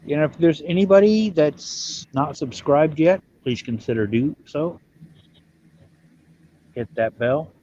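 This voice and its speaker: A man's voice: fairly high pitch, slow pace, long pauses, mellow, muffled recording, slight background noise. A man from Ireland hosting a casual livestream chat, blunt and self-mocking in how he talks. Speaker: livestream host.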